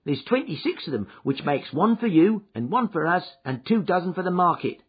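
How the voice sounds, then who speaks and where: A man voicing a brisk, practical farm woman who is a little huffy. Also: sits high, very animated, husky, full character voice. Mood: matter-of-fact. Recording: dull lo-fi recording.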